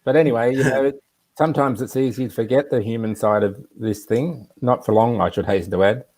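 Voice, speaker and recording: A man's voice: mid-range voice, a little fast, darkish tone. A man casually telling a personal anecdote on a live video chat, rambling with asides. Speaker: regular guest.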